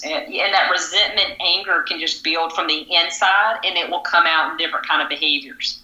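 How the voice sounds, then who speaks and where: A woman relationship coach giving measured, advisory talk on a podcast. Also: fairly low pitch, bright, forceful tone. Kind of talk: podcast discussion. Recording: roomy echo.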